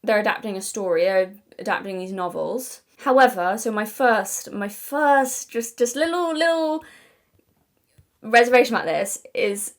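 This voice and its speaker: A woman's voice: medium pitch, moderate pace, few pauses. A young British woman giving casual commentary to camera, chatty and digressive, often apologizing, and emphatic and exasperated at times. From Britain. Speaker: video essayist.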